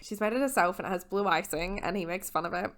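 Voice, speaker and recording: A woman's voice: mid-range voice, fast, a bit bright. A drunk woman vlogging a casual, rambling recap of a book series, slurring her words and dropping sweary, giggly asides.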